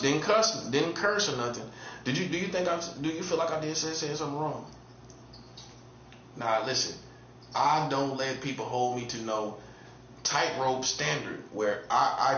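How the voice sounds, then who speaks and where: A man delivering a taunting monologue as a self-styled preacher, repeating phrases and swinging from mocking highs to low, earnest tones. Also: a little slow, fairly bright tone, a little hiss or hum. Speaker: street preacher. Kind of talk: provocative monologue. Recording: roomy dull lo-fi recording with faint ambience.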